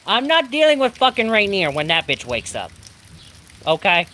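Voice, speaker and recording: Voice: mid-range voice, wildly swooping pitch, moderate pace, sharp tone, a little hiss or hum. A storm streamer ranting with heavy profanity during a live stream, from the Pacific Northwest of the US. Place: home during a thunderstorm, rain outside. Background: rain.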